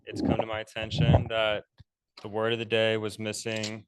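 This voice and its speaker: A man acting as toastmaster at a club meeting, relaxed and joking. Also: fairly low pitch, moderate pace, very noisy.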